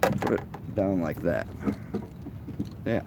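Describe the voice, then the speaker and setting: A man's voice: sits low, takes it slowly, heavy background noise. A man co-hosting a live fishing stream outdoors at night, asking questions and chatting loosely about catfish spawning. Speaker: fishing show co-host. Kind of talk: casual live-stream chat.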